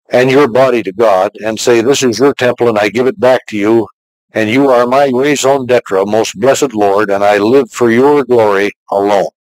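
Older preacher speaking warmly and dry. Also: male voice, mid-range voice, no room sound, rough recording. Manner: fatherly, conversational, reads scripture slowly. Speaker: pastor. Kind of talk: recorded teaching message.

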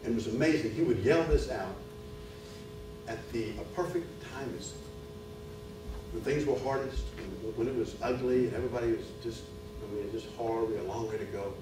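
A man's voice: medium pitch, a little fast. Man preaching in an echoey hall. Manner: storytelling that builds to loud preaching. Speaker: retreat speaker. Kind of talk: sermon with a personal story. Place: church retreat hall. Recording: echoey hall, far from mic, music behind.

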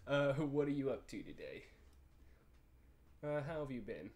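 A man's voice: mid-range voice, very animated, a little slow, gravelly, noisy background. A young man casually commenting on a texting game, rambling and joking with frequent swearing and laughter. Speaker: gaming YouTuber. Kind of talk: casual let's play commentary.

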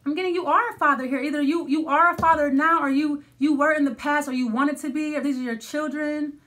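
Casting note: woman tarot reader, high voice, rambling and conversational. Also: fairly even intonation, fairly quick, a bit bright. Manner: thinking aloud, many restarts and fillers. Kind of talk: casual tarot reading.

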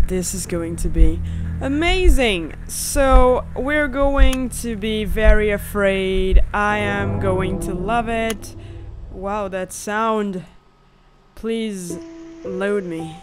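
A woman hosting a horror gameplay video, joking and swearing as she yelps at scares. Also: medium pitch. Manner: jokey, swears and yelps when startled.

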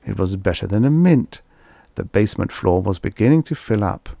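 A man's voice: on the low side, expressive, normal speed, vocal fry, mellow, no echo. A man narrating a vintage story aloud in a wry first-person telling. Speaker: audiobook narrator. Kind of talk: scripted narration.

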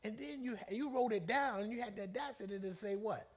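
A man leading a Bible study as bishop, preaching in an animated, folksy way and calling out to the congregation. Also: high voice, fairly quick, breathy edge. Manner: animated, conversational, calls out to the congregation; colloquial, folksy phrasing.

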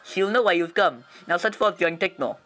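A man's voice: high voice, expressive, moderate pace, fairly bright tone. A man putting on a mock Russian accent to read a stern male officer's game dialogue in a stiff, formal way.

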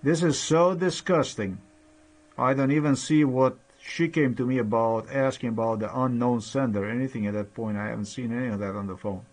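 A man in a rambling personal monologue, halting with many pauses and fillers, sounding aggrieved and accusatory. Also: medium pitch, steady tone, a little mellow. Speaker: vlogger.

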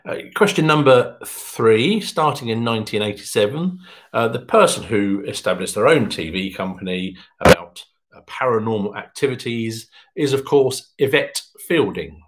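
A man's voice: lively intonation, normal speed. A man hosting an online pub quiz, reading answers in a chatty, jokey way. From England. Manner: chatty, jokey, pitch jumps up when announcing. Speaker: quiz host.

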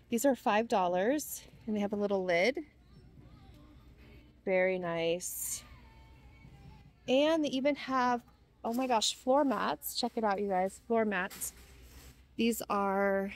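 A young woman filming a store walk-through for her vlog, gushing and gasping with delight at what she finds. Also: medium pitch. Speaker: vlogger. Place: inside a large retail store.

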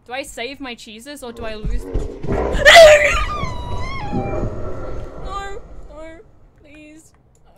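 A woman's voice: a little high, a bit bright, slight background noise. A young woman streaming a horror game from her desk at home, chattering anxiously, mocking herself and breaking into sudden screams. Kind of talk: live game commentary.

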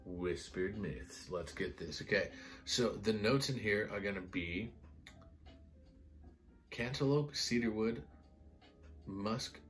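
A man casually reviewing perfumes in a vlog, excitable and rambling, full of "like" and "guys". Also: fairly low pitch. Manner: excitable, enthusiastic, rambling with many "like"s. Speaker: fragrance reviewer.

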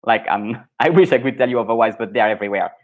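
This Frenchman's voice sits on the low side and moves quickly, and the sound is lo-fi. He coaches pronunciation on a relaxed live stream, where he responds to viewers bluntly and opinionatedly in English, which isn't his native language, with a clear French accent.

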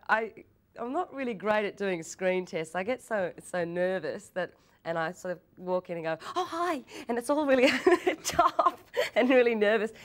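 A young woman in an interview, telling anecdotes in a lively way, laughing often and restarting her sentences. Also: on the low side. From Australia. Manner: animated storytelling, laughs often, quick repeated restarts. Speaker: actress interviewee.

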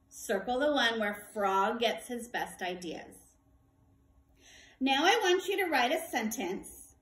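Kindergarten teacher woman, high bright voice, unhurried sing-song delivery with repeat-after-me prompts, recorded in an echoey room. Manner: slow, clear, sing-song teacher talk with call-and-response prompts. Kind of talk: distance-learning workbook lesson for young children.

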